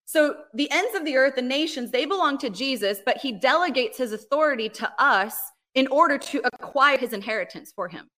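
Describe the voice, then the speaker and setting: Woman, ministry leader, podcast guest, bright clear tone, animated storytelling, casual chat. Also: sits high, fairly quick, few pauses. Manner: animated storyteller, frequent "like" and "right?". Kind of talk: casual interview, personal testimony.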